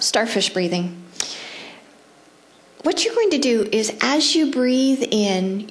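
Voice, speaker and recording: A middle-aged woman with a Canadian English accent gives a mindfulness seminar. Her voice sits at an ordinary pitch and moves animatedly, with playful asides. When she guides breathing, she slows into soft, calm instructions. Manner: lively, animated, acts out her inner voice; slows to soft, near-whispered guidance during breathing practice. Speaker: psychology professor leading a seminar.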